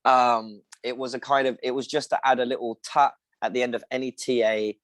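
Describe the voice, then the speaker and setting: A man's voice: medium pitch, fairly quick, no room sound. A young man, an actor from England, chatting as a podcast guest and telling anecdotes with acted-out quotes. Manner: animated storyteller, acts out quoted voices. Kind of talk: casual interview chat.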